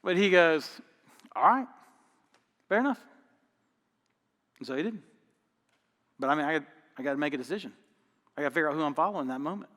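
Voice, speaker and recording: A man's voice: a little high, rapid-fire, long pauses, fairly bright tone, big-room sound. A man preaching a sermon as pastor, telling stories in an emphatic, folksy, conversational way. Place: church auditorium.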